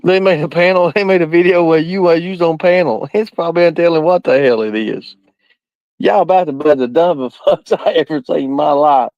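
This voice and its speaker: A man's voice: a little high, a little fast, darkish tone, no echo. A man chatting on a live stream, laughing constantly and cursing freely. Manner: laughing nonstop, profane. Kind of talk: casual live-stream chat. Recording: dull lo-fi dry sound.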